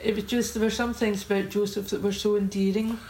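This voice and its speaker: Scottish woman host, flat delivery. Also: medium pitch, fast talker. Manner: warm encouraging, many fillers. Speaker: podcast host. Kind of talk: casual chat. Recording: roomy with faint ambient noise.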